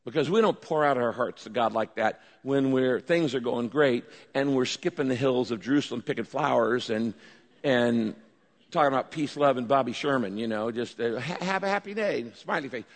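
A man preaching a sermon as a pastor, animated, acting out pleading prayers with his voice rising. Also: mid-range voice, moderate pace. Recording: long reverb of a large hall.

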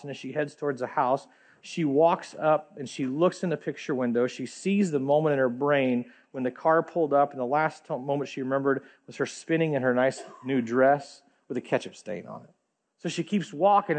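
A male pastor preaching a sermon, telling a story vividly and speaking directly to his congregation. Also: fairly high pitch.

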